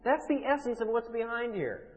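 A man preaching a sermon as pastor, emphatic and building to forceful declarations. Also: very high voice, animated, normal speed. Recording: muffled sound in a large reverberant hall.

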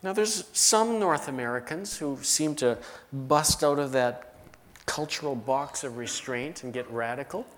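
A man preaching a sermon in an earnest way, now and then dropping to a soft, slow hush. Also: medium pitch.

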